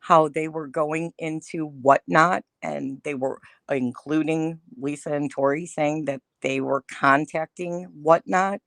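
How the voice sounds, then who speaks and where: With a low, steady, slightly bright voice touched by vocal fry, this woman speaks slowly and barely pauses. She's a guest commentator on a livestream, chatting casually, talkative and discursive, with lots of fillers. The recording is studio quality without echo.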